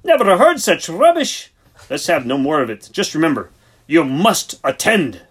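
A brusque, preachy senior country vet , put on by a male audiobook reader. His husky voice swings high and loud, full of lively rises and falls as he lectures. Theatrical and commanding. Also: moderate pace. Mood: barking. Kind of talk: audiobook character voice.

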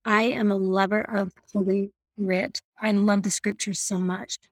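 A middle-aged woman shares a personal faith story in an earnest, heartfelt way. Her voice has a gravelly edge. The sound is close and dry. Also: mid-range voice, level tone, unhurried, no room sound. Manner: warm, earnest storytelling with self-deprecating laughs. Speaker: mother sharing a faith story.

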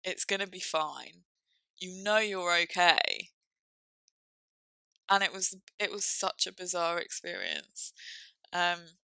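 A young woman speaking candidly and reflectively about a personal experience, halting now and then with fillers. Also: medium pitch, bright, forceful tone, dry recording, low-quality recording.

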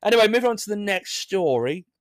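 A man's voice: sits high, very animated, fast, dry recording, clean studio sound. A young English man hosting a casual show, reading odd news stories and rambling through jokey asides that he laughs at. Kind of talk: casual chat.

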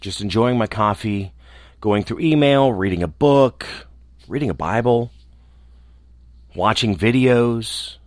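A man who hosts a show, talking alone in a small room in a reflective, earnest way, often restarting and trailing off softly. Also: on the low side, expressive, no room sound. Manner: earnest, halting, with restarts and soft trailing endings. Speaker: radio host. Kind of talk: reflective casual monologue.

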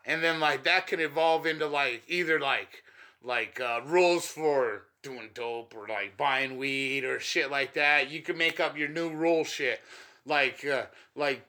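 A man's voice: on the high side, a little slow, pushed and bright. A man from Denver chatting casually as a comedian host, loose and slangy with lots of swearing. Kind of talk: casual chat.

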